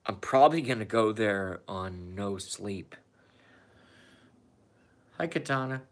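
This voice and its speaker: A man's voice: on the low side, unhurried. A man streaming a rambling, profane rant in a casual monologue, emphatic and cursing freely.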